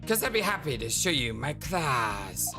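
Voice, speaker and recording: A let's-player puts on a combative agent who taunts in a sing-song way. The voice carries a gravelly edge and a fighter's swagger. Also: medium pitch, very animated, measured pace, over music. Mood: taunting.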